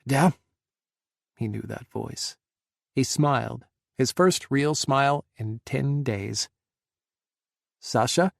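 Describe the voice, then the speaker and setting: Give me a male audiobook narrator with a gravelly, dramatic read. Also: mid-range voice, takes it slowly, dry recording, clean studio sound. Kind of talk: scripted narration.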